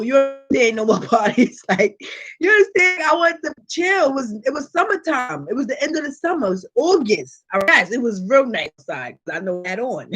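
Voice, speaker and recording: A woman with a high voice tells a personal story straight to her viewers in a casual vlog. Her delivery is animated and full of profanity. She keeps checking in with the audience as she goes. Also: normal speed. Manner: frequent rhetorical check-ins to viewers. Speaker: tarot reader and channel host.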